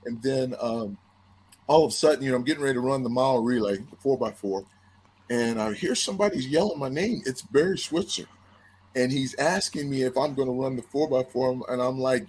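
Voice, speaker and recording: A man, a former football player, telling a story as a podcast guest in a lively, animated way, often repeating his words as he starts a sentence. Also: mid-range voice, normal speed, husky. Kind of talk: casual storytelling.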